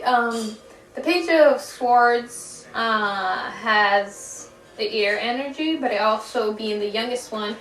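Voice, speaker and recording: A young woman giving a casual pick-a-card tarot reading, chatty and giggly, with casual swearing and drawn-out emphasis. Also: on the high side. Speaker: tarot reader. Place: room at home. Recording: echoey room, voice a bit far from mic, faint music.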